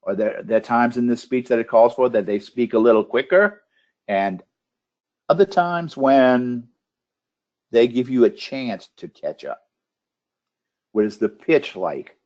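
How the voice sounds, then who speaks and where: Here the webinar trainer for contest judges, heard through a computer microphone, leads an instructional session by asking checklist question after checklist question with a few restarts. His voice sits at medium pitch, his pace is measured, and the audio is lo-fi.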